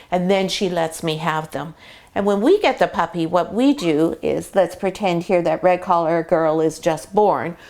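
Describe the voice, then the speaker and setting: Middle-aged lady breeder chatting through puppy care, kinda low voice, explains everything step by step. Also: a little mellow. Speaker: dog breeder. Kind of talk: casual explainer video. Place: whelping box indoors.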